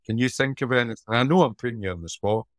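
A middle-aged Scottish man, a former police officer co-hosting a podcast, chatting and telling stories in a lively, joking way. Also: medium pitch, fast talker, no room sound. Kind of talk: casual chat and storytelling.

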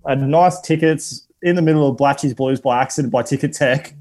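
A man's voice: medium pitch, brisk, darkish tone. A man with an Australian accent, a podcast co-host given to crude, fired-up rants and jokes. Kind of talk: casual podcast chat.

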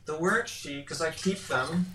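An older man with a bright, forceful voice speaks in a halting, self-interrupting way. He is heard from a distance in an echoey room over a video call, with a faint hiss behind him. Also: a little high. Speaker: flute composer guest. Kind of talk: casual video-call conversation.

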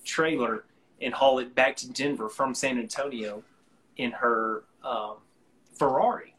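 A man with a soft Alabama drawl tells a casual story on a live stream. He is relaxed and rambling, with plenty of ums and restarts. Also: medium pitch, unhurried, poor audio. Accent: Alabama Southern US. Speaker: guest musician.

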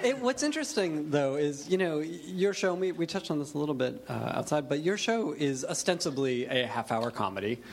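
A man moderating a panel, putting measured questions with hesitant fillers. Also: fairly high pitch, animated, gravelly. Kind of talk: panel discussion.

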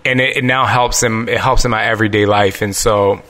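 A man's voice: fairly low pitch, fairly even intonation, brisk, a bit bright. A man hosting a podcast in casual conversation, earnest and openly emotional. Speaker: podcast host.

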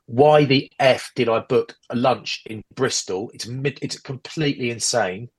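A man's voice: medium pitch, unhurried, slightly rough. A British man in his forties on a casual podcast, rambling through an exasperated rant, recording on earbuds at a relative's house. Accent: British English. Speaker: podcast co-host. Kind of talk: casual chat. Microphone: AirPods earbuds.

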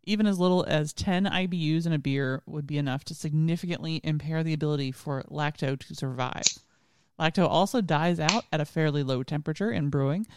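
A woman's voice: sits low, a little mellow. A woman co-hosting a casual podcast, reading out beer facts and breaking into giggles. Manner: giggly, laughs through her lines. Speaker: podcast co-host. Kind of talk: casual chat, reading notes on beer microbes.

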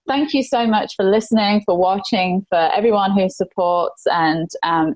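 A woman's voice: mid-range voice, darkish tone, no echo, poor audio. A woman hosting a faith-based business podcast, gushing and emotional as she introduces her guest. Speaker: podcast host.

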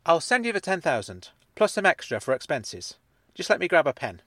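A man voicing a courteous, measured man in a spoken-word story, a little formal. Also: a little high, big pitch swings, a bit bright, no echo, studio quality, pitched above the performer's own voice. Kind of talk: audiobook character dialogue.

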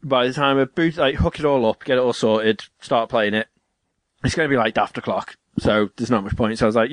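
A man's voice: mid-range voice, a little fast, no echo. A man chatting casually and telling a home-repair story, swearing freely and acting out what people said. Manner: swears freely, tells stories with animated quoted voices. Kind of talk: casual chat.

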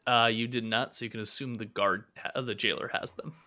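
A man's voice: mid-range voice, fairly even intonation, a little fast, background noise. A man narrating as game master in a tabletop game, casual and full of fillers.

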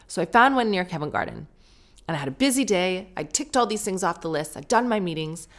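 British woman, solo podcast host with a slightly low voice, animated and self-mocking storyteller. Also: fairly quick. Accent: British English. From Britain.

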